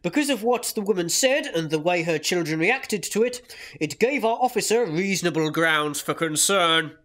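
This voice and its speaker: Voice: medium pitch, lively intonation, moderate pace, fairly bright tone. A speaker reading out a newspaper story. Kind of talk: reading news text.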